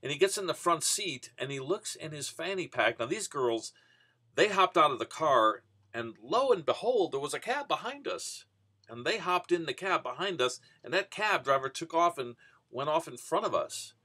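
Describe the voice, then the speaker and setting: A man's voice: on the high side, big pitch swings, normal speed, sharp tone, husky. A man casually telling a rambling personal story, full of "you know" and restarts. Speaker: vending business vlogger.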